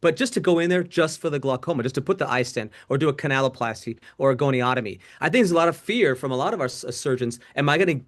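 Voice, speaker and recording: Brief: middle-aged male surgeon, rapid animated delivery, self-correcting. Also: mid-range voice. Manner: fast, animated, quick restarts. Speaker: glaucoma surgeon panelist. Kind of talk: webinar talk.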